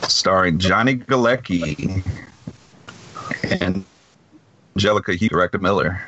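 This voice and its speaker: A man's voice: deep voice, unhurried, sharp tone, muffled recording, a little hiss or hum. A man hosting a podcast, reading film news in short bursts and chatting casually. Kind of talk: casual chat.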